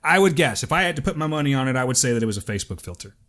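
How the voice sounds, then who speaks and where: A male podcast host in relaxed banter, with a mid-pitched everyday voice. He rambles and swears freely and breaks into laughter easily. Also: rapid-fire. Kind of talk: casual chat.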